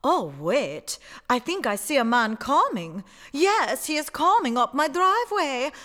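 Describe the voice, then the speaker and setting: A woman's voice: sits high, very animated, a little slow, a bit bright, full character voice. A woman playing a lonely, flirtatious farm wife in a live stage parody, coy and melodramatic. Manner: breathy melodrama, coy double entendres. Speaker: stage comedian. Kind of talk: live musical-theater parody. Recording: reverberant theater with faint music.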